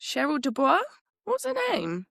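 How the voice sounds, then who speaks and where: A chatty woman joins a casual book chat, laughing a lot and trailing off mid-thought. Her voice is high-ish and bright, recorded close and dry. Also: wildly swooping pitch, measured pace, creaky, no echo. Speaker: podcast co-host.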